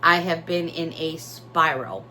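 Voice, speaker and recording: Bright, chatty woman vlogger. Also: low voice, slow pace, a little hiss or hum. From Hudson Valley region of New York. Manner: chatty, emotional, bubbly with product enthusiasm. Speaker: haul vlogger. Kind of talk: casual haul vlog chat.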